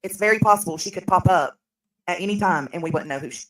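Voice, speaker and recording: A woman giving a careful statement in a measured, hesitant way with frequent ums. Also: on the low side, fairly bright tone, recorded from a distance, rough recording. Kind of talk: reading a prepared statement.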